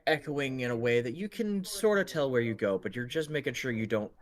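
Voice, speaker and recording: A man narrating as game master in a tabletop role-play, describing scenes in a slow, measured way. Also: mid-range voice, animated.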